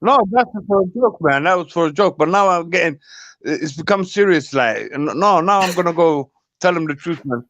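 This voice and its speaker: A man's voice: a little high, lively intonation, normal speed, fairly bright tone, a little hiss or hum. A man, a guest in a casual chat, indignant and repetitive, switching into Somali now and then. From Somali heritage, UK. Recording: dry, dull lo-fi mic.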